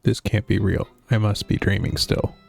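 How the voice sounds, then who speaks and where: A man's voice: lowish voice, flat delivery, moderate pace, gravelly, darkish tone. A man streaming a game, reading its lines aloud in a dry, wry way. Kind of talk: reading a visual novel aloud. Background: faint game music.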